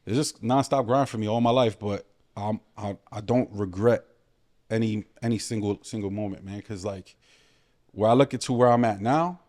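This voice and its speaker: A man from New City, telling stories as a guest in a casual podcast chat, animated and full of street slang. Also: lowish voice, normal speed. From New York City.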